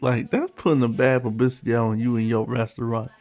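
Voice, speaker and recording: A man's voice: mid-range voice, little pitch movement, brisk, a little mellow. A man hosting a casual reaction video, talking back bluntly to the clip he is watching.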